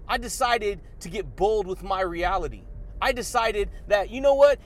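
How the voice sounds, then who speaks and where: High-pitched hype guy doing a motivational podcast, slangy, laughs a lot, loves his catchphrases. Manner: hyped, slangy, repeats catchphrases and laughs often. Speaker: podcast host.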